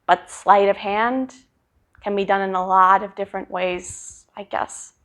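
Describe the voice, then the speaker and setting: A woman's voice: mid-range voice, steady tone, measured pace, a bit bright. A woman performing a dramatic monologue in a wry, conversational, hesitant way.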